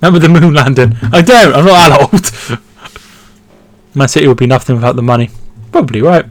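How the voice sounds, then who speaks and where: A man's voice: mid-range voice, brisk. A man hosting a live football watchalong, chatting casually, reading out viewer comments and reacting to the play. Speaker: football stream host.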